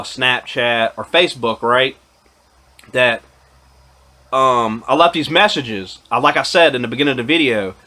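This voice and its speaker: A man with a medium-pitched, sharp-toned voice vlogs to camera, spinning a long, rambling story. He swears often, restarts sentences, and fills the gaps with plenty of fillers.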